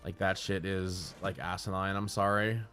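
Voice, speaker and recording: A man's voice: low-pitched, fairly even intonation, normal speed, fairly bright tone, soft background music. A man streaming live, telling rambling, profane stories in casual chat.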